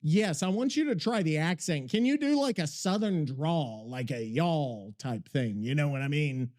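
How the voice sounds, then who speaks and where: Excitable, profane male podcast host. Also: a little high, normal speed. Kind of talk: casual podcast chat.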